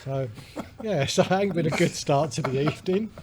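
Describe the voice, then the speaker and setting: A man's voice: a little high, normal speed, a crowd in the background. A man telling a rambling story in casual pub-style podcast chat. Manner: chatty storyteller, laughs a lot. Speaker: podcast co-host. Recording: faint background noise.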